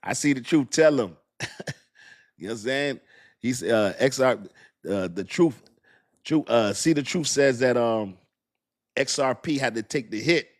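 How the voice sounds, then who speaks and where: A man hosting a casual crypto livestream, talking in animated, slangy street talk, swinging between loud and soft. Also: fairly low pitch.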